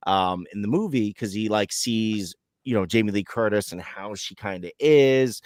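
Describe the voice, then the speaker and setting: A man's voice: lowish voice, normal speed, no echo. Chatty man with a dry close sound. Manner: chatty, laughing, hesitant with fillers. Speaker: podcast co-host. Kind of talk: casual film commentary.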